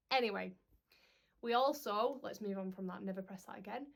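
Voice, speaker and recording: A woman's voice: mid-range voice, a little fast, vocal fry. A young woman, chatting casually to camera as a parenting vlogger, rambling with lots of "um"s.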